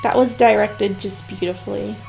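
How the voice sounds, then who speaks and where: A woman hosting an anime reaction video, talking casually in an excitable, rambling way with frequent laughs. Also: mid-range voice, moderate pace, gravelly, faint music behind. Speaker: anime reaction channel host.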